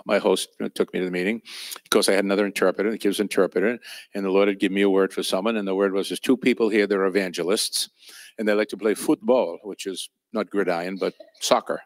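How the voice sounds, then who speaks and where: A man's voice: low-pitched, fairly even intonation, fast talker, no room sound, studio quality. A man teaching at a church training session, telling personal ministry stories in a conversational, anecdotal way with fillers and chuckles. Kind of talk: storytelling sermon.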